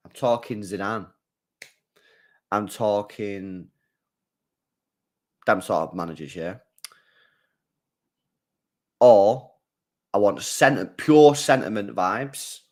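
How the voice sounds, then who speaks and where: Rambling man on a livestream. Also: lowish voice. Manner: chatty and rambling, repeats his phrases for emphasis. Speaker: football watchalong streamer. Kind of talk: casual live-stream chat.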